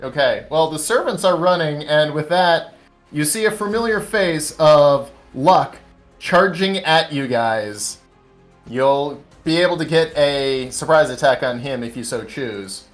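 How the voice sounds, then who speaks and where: A man's voice: on the high side, expressive, unhurried, soft background music. A man narrating as dungeon master for a tabletop game, loose with fillers.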